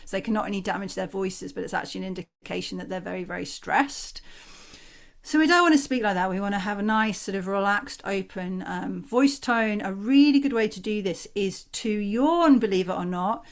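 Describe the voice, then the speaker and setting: A woman, a voice coach calmly and encouragingly leading a group through relaxation exercises on a video call. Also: mid-range voice, brisk. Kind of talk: online workshop instruction.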